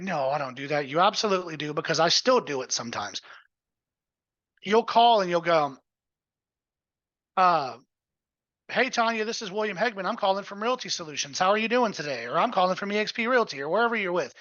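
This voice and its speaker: Bright, blunt man coaching. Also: high voice, no echo. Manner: blunt, profane, energetic. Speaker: webinar host. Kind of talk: casual coaching webinar. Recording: dull, lo-fi audio.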